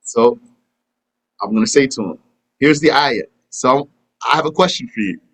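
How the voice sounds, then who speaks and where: A man's voice: mid-range voice, lively intonation, moderate pace, fairly bright tone, slightly rough, rough recording. A man teaching a live religious lesson and answering questions, talking conversationally and acting out imagined back-and-forth dialogues. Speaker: Islamic teacher.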